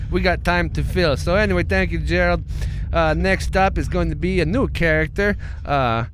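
A man's voice: fairly high pitch, fairly bright tone, slight background noise, lightly acted. A man voicing a bumbling old priest who hosts a show of scary stories, rambling and chuckling between filler words. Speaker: host.

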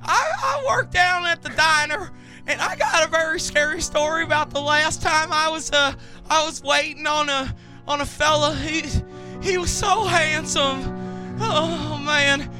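A man puts on a high, quavering young waitress who sobs through every line. Her voice swings up into wails and furious shouts. Faint music plays behind her. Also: a little slow, heavily acted. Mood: tearful. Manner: sobbing, wailing, breaks into angry shouts. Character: weepy young woman diner waitress.

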